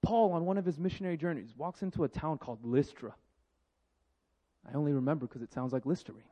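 A man preaching a sermon with jokes, moving between lively storytelling and hushed, slow reflection. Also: on the high side. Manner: animated and joking, then hushed and reflective. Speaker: pastor. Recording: dull lo-fi sound.

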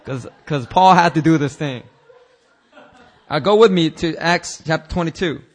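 A male pastor preaching a casual, animated sermon, acting out Bible characters in changing voices and using slang. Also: on the high side, moderate pace.

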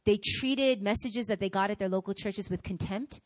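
Animated woman preaching a sermon. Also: medium pitch, normal speed, no room sound. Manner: animated, acts out quoted voices. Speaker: pastor.

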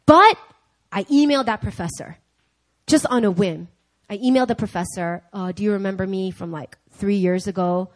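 Woman telling an animated sermon story. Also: medium pitch, normal speed. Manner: animated storytelling, acting out dialogue in different voices. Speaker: speaker. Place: church.

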